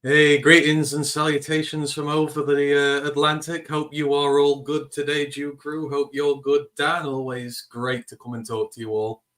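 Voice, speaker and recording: A man from the United Kingdom, a guest on a fan show, giving his views in a relaxed, friendly way with some repeated words. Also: fairly high pitch, moderate pace, few pauses. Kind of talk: casual conversational interview.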